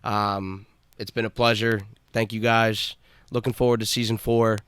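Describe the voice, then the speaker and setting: A young man hosting a casual podcast, talking in a laid-back, halting way with lots of fillers. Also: fairly low pitch, little pitch movement, a bit bright, smooth, dry recording. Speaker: podcast host.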